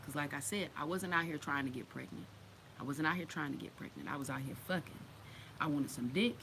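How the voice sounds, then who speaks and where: A woman's voice: deep voice, fairly quick, fairly bright tone, slight background noise, low-quality recording. A woman hosting a casual unscripted monologue, blunt and profane, laughing often and acting out other people's voices. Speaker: host.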